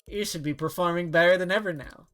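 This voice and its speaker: A woman's voice: fairly low pitch, quick pace, fairly bright tone, faint music behind, voice pushed up, lightly acted. A woman voicing a female AI assistant in a game, sweet-sounding and passive-aggressive, with a condescending manner. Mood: patronizing. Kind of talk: game dialogue read-along.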